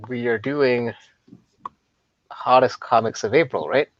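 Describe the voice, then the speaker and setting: A man's voice: mid-range voice, unhurried. A man co-hosting a casual live-stream chat, nasal and congested from allergies, joking about it. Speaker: co-host. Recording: dull, dry sound.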